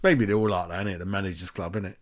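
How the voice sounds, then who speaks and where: A man's voice: sits low, fairly even intonation, rapid-fire, muffled recording. A man hosting a fan live stream, rambling casually and calling everyone mate. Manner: chatty, rambling, says mate constantly. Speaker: fan channel host.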